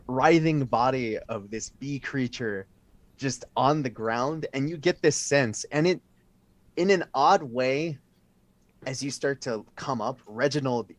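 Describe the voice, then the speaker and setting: A man narrating as dungeon master of an improvised tabletop game, animated and often breaking into laughter. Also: medium pitch, no echo. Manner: animated, laughs between lines.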